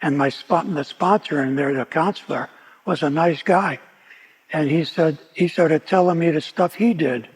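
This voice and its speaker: A man with a slightly rough voice on the high side tells his personal recovery story as a guest speaker, moving at a moderate pace. Frequent restarts and repeated words mark his telling, and the meeting hall adds a long reverb.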